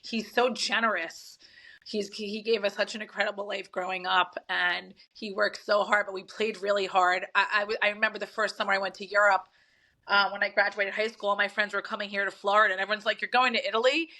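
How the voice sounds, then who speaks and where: A woman's voice: medium pitch, level tone, a little fast. A woman co-hosting a podcast, speaking emotionally and gushing with affection, close to tears. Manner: tearful, gushing, warm toward her father. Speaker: podcast co-host.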